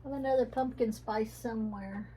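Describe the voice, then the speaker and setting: A woman's voice: a little high, fairly even intonation, warm tone, a little hiss or hum. A woman with a mixed Texas and Tennessee Southern accent, chatting casually at home in a vlog about her herb shelf. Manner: chatty, rambling, says she talks fast. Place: indoors at home, rain outside.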